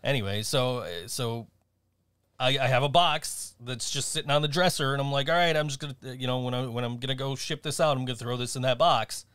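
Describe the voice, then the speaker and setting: A man's voice: mid-range voice, fairly quick, a bit bright, clean tone, no room sound. A man co-hosting a casual podcast, laughing often and swearing casually. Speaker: podcast co-host. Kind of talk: casual chat.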